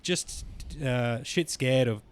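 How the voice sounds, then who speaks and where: A man's voice: mid-range voice, takes it slowly, clean tone. A man hosting a comedy podcast, chatty and self-deprecating, laughing often. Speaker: podcast host, stand-up comedian. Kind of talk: casual podcast chat.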